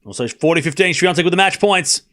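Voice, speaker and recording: A man with a high, bright-toned speaking voice calls tennis live for his stream. He talks casually to his chat, running through each rally quickly. At the big moments he gets excited and raises his voice to a shout. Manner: casual and chatty, with slang and asides. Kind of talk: live watchalong play-by-play commentary.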